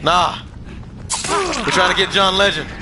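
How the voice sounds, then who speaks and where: A man's voice: high voice, huge pitch swings, a little slow, music in the background. A young man giving casual, jokey commentary while streaming a video game, laughing often and trash-talking the game. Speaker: gaming streamer.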